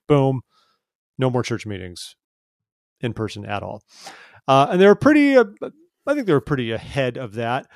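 A man in a casual podcast discussion speaks in a middle-pitched voice, recorded dry and close with no room sound. He teases his co-host and moves briskly into new topics. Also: clean tone, no echo. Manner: joking, teasing, then briskly introduces topics.

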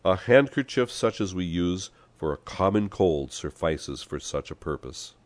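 A man voicing a soft-spoken, dignified little man who speaks formally in a storybook reading. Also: low-pitched, expressive, no room sound. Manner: quiet, measured, formal.

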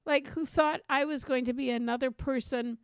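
A woman co-hosting a podcast, telling a personal story in an animated, conversational way. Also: high voice, normal speed, smooth, dry recording, clean studio sound. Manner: animated, acts out quoted voices. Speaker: podcast co-host.

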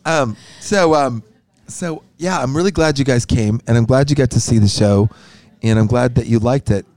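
A man's voice: mid-range voice, normal speed, darkish tone, no echo. A man chatting casually as a podcast guest backstage after his show, rambling with lots of fillers and restarts. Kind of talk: casual chat. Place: backstage at a concert venue.

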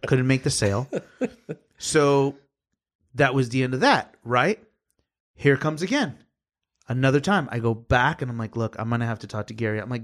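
A man's voice: medium pitch, fast. A man casually telling a story about his work as a service advisor, acting out the dialogue with lots of energy. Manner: animated, acts out quoted dialogue, swears casually. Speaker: podcast guest, former service advisor.

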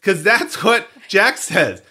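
A man's voice: sits high, very animated, slow, bright, forceful tone, breathy edge. A man co-hosting a podcast in casual, jokey chat, often laughing. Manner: chatty, jokey, frequent laughter. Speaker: podcast co-host.

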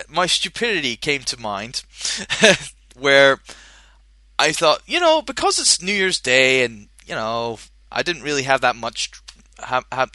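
A man's voice: mid-range voice, sharp tone, no echo, studio quality. A man hosting a podcast, chatting casually and jokily, rambling with many fillers. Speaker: podcast host. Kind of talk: casual chat.

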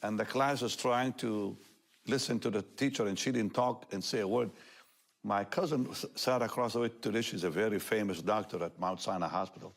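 With a somewhat low voice and a slightly fast pace, an older talk show guest relates his personal testimony. He tells it animatedly, laughing frequently and imitating the words of others.

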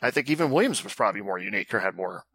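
A man's voice: fairly low pitch, lively intonation, rapid-fire, fairly bright tone, slightly rough, no room sound. A man co-hosting a casual podcast, loose and joking, swearing freely. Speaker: podcast co-host. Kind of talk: casual chat.

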